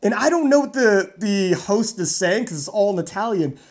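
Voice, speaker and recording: A woman strongman athlete from North America, telling a story in a casual interview, animated and rambling with fillers. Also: medium pitch, normal speed.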